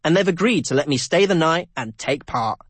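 Husky lively male documentary presenter. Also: a little high, brisk, no room sound. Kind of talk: scripted documentary narration.

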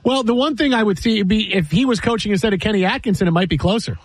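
A man hosting a sports radio show, bantering playfully and moving quickly between jokes and introductions. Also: high voice, no echo. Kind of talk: energetic sports talk.

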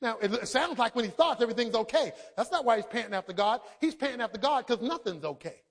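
Male preacher with a very high voice. Dramatic sermon delivery, quiet lows and shouted peaks. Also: animated, fast. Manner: swings between quiet low asides and shouted emphasis; dramatic, acts out quoted speech.

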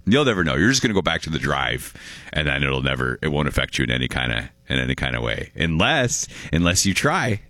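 A man's voice: very deep voice, sing-song, quick pace, bright, forceful tone, no echo. A man hosting a radio show, chatting playfully with many restarts and laughs. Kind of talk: casual on-air banter.

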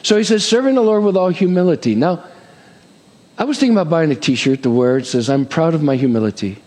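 A man's voice: fairly high pitch, lively intonation, fast talker, darkish tone. A middle-aged man preaching a sermon as pastor, with rising emphasis, asides and call-and-response amens. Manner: jokes and acts out quoted voices. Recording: long hall reverb.

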